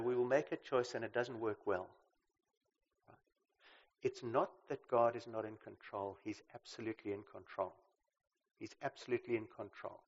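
A man preaching a sermon. He swings between loud emphasis and quiet asides and keeps checking in with "right?". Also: medium pitch. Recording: slightly dull lo-fi recording.

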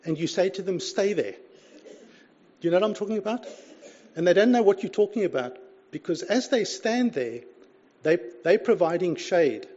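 A man's voice: high voice, lively intonation, moderate pace, long pauses, a little mellow. A man preaching a sermon in an earnest, conversational way, often saying "you see" and reading scripture aloud. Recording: dull lo-fi recording.

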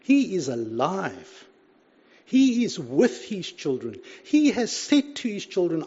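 A man preaches an earnest, conversational sermon, reading scripture aloud and often saying "you see." His high voice swoops wildly in pitch and is slow, a little mellow and slightly rough. The lo-fi recording sounds dull.

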